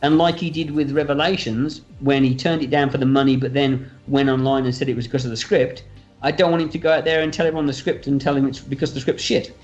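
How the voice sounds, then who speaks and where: A man's voice: medium pitch, quick pace, muffled recording, faint music behind. A man in a casual interview, telling a story with energy, swearing freely and acting out what others said. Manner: animated, swears freely, acts out quoted dialogue. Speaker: film writer and director, interview guest.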